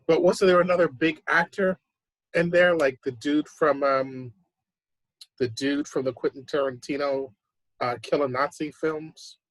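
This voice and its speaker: A man's voice: fairly high pitch, fairly even intonation, measured pace, dry recording. A man co-hosting a podcast, chatting casually with short replies and questions. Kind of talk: casual chat.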